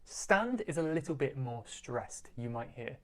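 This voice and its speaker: Low-voiced teacher modelling word stress. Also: female voice, very animated. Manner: modelling words slowly and repeating them. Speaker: English teacher. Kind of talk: pronunciation lesson clip.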